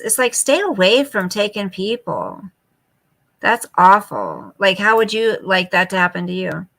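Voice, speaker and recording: This woman in her fifties hosts a casual late-night live chat, reading viewer comments aloud and responding to them, and she coos baby talk to her dog. Her medium-pitched voice sounds bright and forceful.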